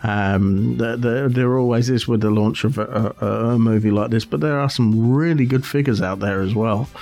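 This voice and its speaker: A man's voice: mid-range voice, moderate pace, vocal fry, a little mellow, faint music behind. A man co-hosting a podcast in casual chat, hesitant with many restarts. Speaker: podcast co-host.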